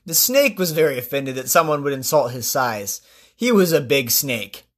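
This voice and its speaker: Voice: medium pitch, very animated, normal speed. Casual podcast storyteller with offhand asides. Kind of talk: storytelling narration.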